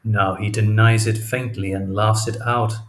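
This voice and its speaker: A male audiobook narrator plays a tormented, jealous general who broods in muttered asides. The voice is low and deliberate, and it drags with bitterness. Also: flat delivery, lightly acted. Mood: bitter aside. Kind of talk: audiobook character reading.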